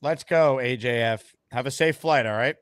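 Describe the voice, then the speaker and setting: A man's voice: mid-range voice, normal speed, clear, resonant tone, no echo, studio quality. Upbeat man hosting a call-in show. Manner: upbeat, dryly joking host patter. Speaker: host. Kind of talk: call-in sports talk show.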